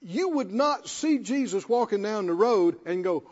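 A man with a very high voice preaches in a lively, swooping delivery. He repeats himself for emphasis in a plain, folksy way. The sound is dull and lo-fi, with a long hall echo. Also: a little slow. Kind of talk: sermon.

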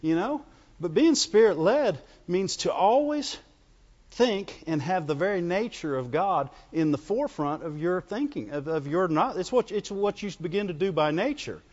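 In a church sermon with a folksy feel, this pastor speaks at normal speed in a high, expressive, slightly mellow voice, calling for amens from the congregation along the way. The recording is dull and lo-fi, with long reverb.

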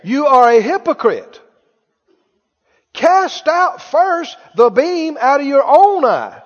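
This pastor's voice is very high and very animated, and he takes his time. Before a live church congregation he preaches emphatically, repeating key phrases and asking whether they hear him. The audio is dull, lo-fi, and echoey.

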